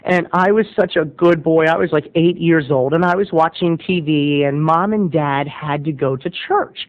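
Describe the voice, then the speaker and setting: A video blogger telling a childhood story in an animated, theatrical way. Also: male voice, on the high side, moderate pace, highs cut off. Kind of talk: comic storytelling vlog.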